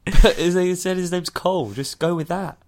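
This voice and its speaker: A man's voice: high voice, normal speed, a little mellow. Wry man joking about films. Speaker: podcast co-host reviewing films. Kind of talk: casual chat.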